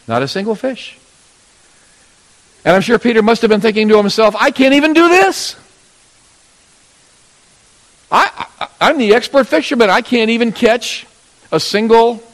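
A man preaching a sermon, telling a Bible story and acting out its characters in sudden loud bursts. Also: fairly high pitch. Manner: storytelling, acting out voices of biblical figures with sudden loud rises. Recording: long hall reverb.

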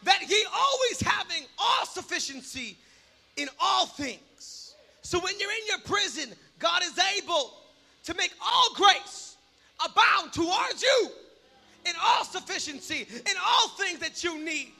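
A man preaching a sermon, shouting in bursts and then dropping to quiet prayer. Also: very high-pitched, very animated, a little slow, gravelly. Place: church hall. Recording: long hall reverb with music behind.

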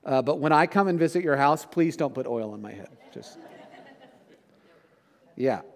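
A man's voice: medium pitch, animated, normal speed. A middle-aged man, a pastor, preaching a sermon in a conversational way, often checking in with "right?".

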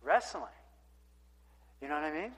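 A man's voice: fairly high pitch, animated, moderate pace, fairly bright tone. A man preaching a sermon in a conversational, emphatic way, reading scripture aloud and breaking in with casual asides. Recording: long hall reverb.

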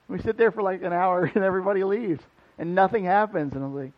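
A man preaching as a pastor, telling a personal story in a casual, animated way full of "like" fillers. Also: high voice, quick pace, muffled recording. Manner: conversational, animated, many "like" fillers. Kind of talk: storytelling sermon. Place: church building.

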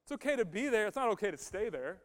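A man's voice: high voice, big pitch swings, fast talker. A male pastor giving a conversational sermon, emphatic and repeating his key phrases. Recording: long hall reverb.

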